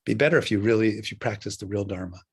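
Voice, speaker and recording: A man's voice: on the low side, fast, breathy edge. An older man quoting a patient old lama. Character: calm old male Tibetan lama master.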